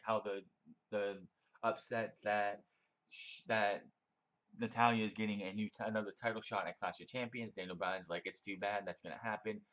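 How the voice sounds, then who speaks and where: A man's voice: lowish voice, a bit bright. Opinionated man rambling through a review. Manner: opinionated, rambling, frequent restarts. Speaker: wrestling show reviewer. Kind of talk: casual solo review.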